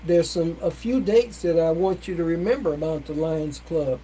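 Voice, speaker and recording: A guest on a local talk show speaks in a mellow, unhurried tone. The delivery is halting and full of filler pauses. A faint noise sits behind the voice. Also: medium pitch, rough recording. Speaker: service club guest. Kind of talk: casual interview.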